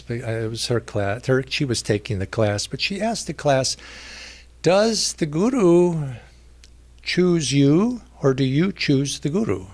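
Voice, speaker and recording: A gentle, mild-mannered man recalls a story from his youth for a retreat audience. He talks at an everyday middle pitch, pausing and restarting as he gathers his thoughts. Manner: halting, with frequent restarts and fillers. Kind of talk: reflective storytelling talk.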